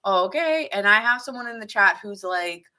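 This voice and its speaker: A woman's voice: medium pitch, lively intonation, normal speed, pushed and bright, a little hiss or hum. A woman giving a casual live tarot reading, chatty and laughing often as she acts out what people think. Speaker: tarot reader.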